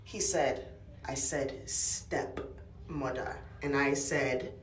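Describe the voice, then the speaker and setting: A woman's voice: on the low side, animated, normal speed, a little mellow. Chatty woman telling a story, echoey room. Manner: chatty, dramatic, acting out dialogue. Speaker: storyteller to camera. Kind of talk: casual storytelling. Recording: echoey, from some distance.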